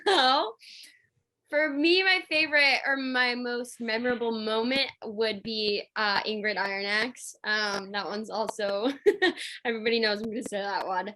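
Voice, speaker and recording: A woman's voice: a little high, fairly even intonation, a little slow, bright, forceful tone. A woman on a panel, talking cheerfully with small laughs over a video call. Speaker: actor on a fan convention panel. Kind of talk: casual panel chat.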